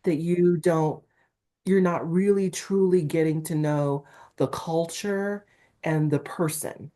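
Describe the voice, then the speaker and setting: A woman's voice: low voice, takes it slowly, mellow. A middle-aged woman from Newark, a talent agent, talking candidly in an interview with a Valley-girl-like, emphatic delivery. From Newark, New Jersey, USA.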